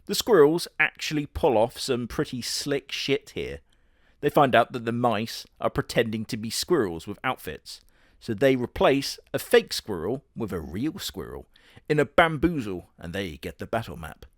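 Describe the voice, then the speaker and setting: A man hosting a comedic reaction video with sarcastic, profane, deadpan jokes. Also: mid-range voice, normal speed, no echo, studio quality.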